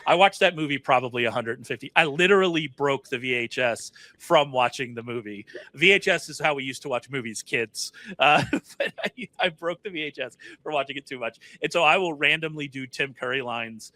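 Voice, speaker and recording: Bright, dry-sounding man in draft chat. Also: medium pitch, brisk, few pauses, dry recording. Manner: chatty, self-correcting, laughs often. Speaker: fantasy football analyst.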